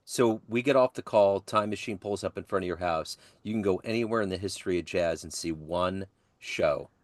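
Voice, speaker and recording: A man hosting an interview podcast, asking relaxed, soft-spoken questions and reading his own promo. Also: low-pitched, moderate pace, no echo. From Kansas City area. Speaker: podcast host.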